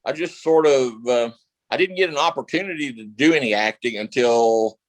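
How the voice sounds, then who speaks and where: A man's voice: medium pitch, normal speed, no echo, low-quality recording. Rambling man telling stories, dry sound. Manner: rambling, many fillers and restarts. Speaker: actor guest. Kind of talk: casual interview storytelling.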